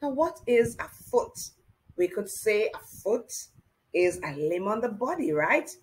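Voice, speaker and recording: Slow, lively-voiced woman teaching children to read. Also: medium pitch, low-quality recording. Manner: encouraging, slow and sing-song, addressing a child directly. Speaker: reading teacher. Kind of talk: children's reading lesson.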